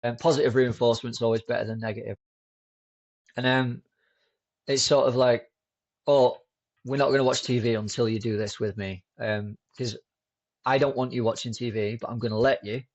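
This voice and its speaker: A man as a podcast guest, chatting in a relaxed, rambling way with many fillers and restarts. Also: medium pitch, normal speed, long pauses, highs cut off. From United Kingdom. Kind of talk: casual conversational storytelling.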